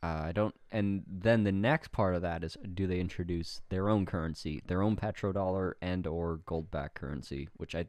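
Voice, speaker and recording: A young man from Canada with a low, deep voice, speaking as a podcast co-host. He lays out strong opinions deliberately, swearing casually as he talks. The sound is dry and close to the mic. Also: a little mellow, dry recording. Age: young adult. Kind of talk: casual chat.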